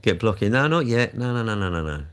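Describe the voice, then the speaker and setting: A man's voice: fairly low pitch, big pitch swings, quick pace, clear, resonant tone. A man chatting casually on a live stream, answering comments and telling off trolls. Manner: chatty and rambling, scolding trolls with rising heat. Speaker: livestreamer answering chat comments.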